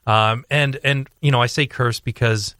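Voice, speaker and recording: A young man talking sports on a radio show, rambling with fillers and restarts as he tells a story with growing excitement. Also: medium pitch, normal speed, clean tone, no echo, clean studio sound. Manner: animated storytelling. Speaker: sports commentator guest. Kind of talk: casual radio sports chat.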